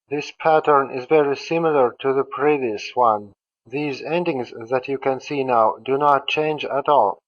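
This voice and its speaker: A male language teacher gives a slow, instructional grammar lesson in a mid-range voice, methodically stating each form followed by its translation. The sound is lo-fi.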